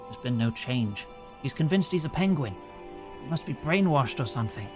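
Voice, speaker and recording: A man doing a grave, slow-talking agent. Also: medium pitch, lively intonation, over music, close to an everyday voice. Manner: slow, grave, matter-of-fact. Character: weary grim male secret agent prisoner.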